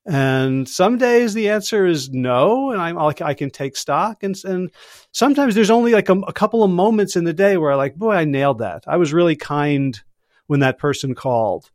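A man's voice: fairly high pitch, lively intonation, normal speed, no room sound, clean studio sound. A man speaking as a podcast guest and executive coach, chatting casually and reflectively, with frequent chuckles. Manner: reflective, chuckles often, loose storytelling.

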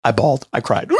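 A man in his late twenties telling a personal story in an animated, chatty way, talking straight to his listeners. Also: mid-range voice, slight background noise. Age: 20s. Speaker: healthcare business owner. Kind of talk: storytelling monologue to an audience.

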